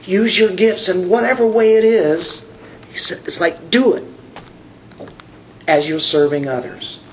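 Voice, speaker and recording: A man's voice: high-pitched, a little hiss or hum, rough recording. A man preaching a sermon in a conversational way, stretching out key words for emphasis and trailing off into asides. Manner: conversational, drawn-out emphatic phrasing; frequent fillers and restarts.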